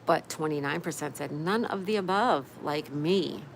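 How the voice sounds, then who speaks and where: A woman's voice: low voice, normal speed, creaky, a little hiss or hum, poor audio. Upbeat woman on an outdoor live stream. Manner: upbeat, reads out viewer comments. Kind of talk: casual chat reading live comments. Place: outdoor patio by a canal.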